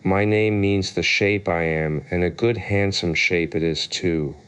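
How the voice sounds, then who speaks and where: A man's voice: sits low, fairly even intonation, fairly bright tone, smooth. A man voicing a pompous, touchy egg-shaped figure who argues loftily and takes offence easily. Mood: lofty. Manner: lofty, argumentative, quick to take offence.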